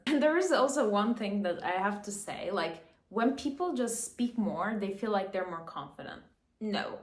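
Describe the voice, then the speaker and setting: Earnest woman vlogger in an echoey room. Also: medium pitch. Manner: earnest, coaching, often checks in with "okay?". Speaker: vlogger giving confidence advice. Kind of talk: casual advice talk to camera.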